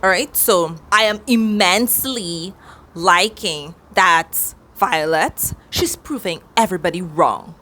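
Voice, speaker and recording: A woman talks through a book she is reading, in a relaxed vlog chat. She speaks at an unhurried pace, with a voice of middling pitch. She turns excitable and cheers out loud as she talks. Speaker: book reviewer. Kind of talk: casual reading vlog review.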